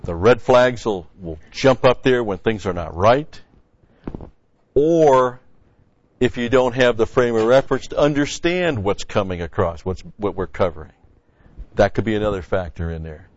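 Low-voiced guy preaching, chatty and folksy, dry muffled recording. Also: normal speed, dry recording. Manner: conversational, folksy asides, repeats key phrases. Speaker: pastor. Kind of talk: sermon teaching. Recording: dry, dull lo-fi sound.

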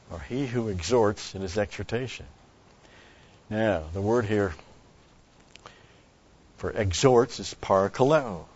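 A pastor teaching an expository Bible sermon, speaking deliberately and stopping to explain Greek word meanings. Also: male voice, lowish voice, darkish tone, slightly rough, highs cut off.

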